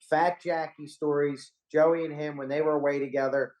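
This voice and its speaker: A man's voice: fairly high pitch, level tone, moderate pace, a little mellow, poor audio. A man co-hosting a podcast, mostly prompting and encouraging with brief remarks. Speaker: podcast co-host. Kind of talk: casual chat.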